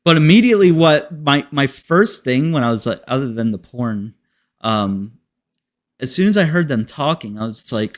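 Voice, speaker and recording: A man's voice: medium pitch, lively intonation, normal speed. A man hosting a casual podcast, reviewing a movie in a rambling, profane way and laughing often. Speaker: host.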